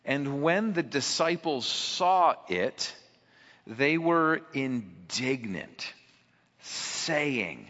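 Slow, bright-voiced male preacher. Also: mid-range voice, expressive. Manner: conversational, rhetorical questions to the congregation. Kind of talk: sermon. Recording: echoey hall, dull lo-fi sound.

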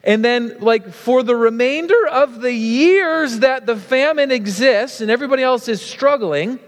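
A male pastor preaching a sermon in a casual, animated way, full of fillers. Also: extremely high pitch, normal speed, long reverb tail.

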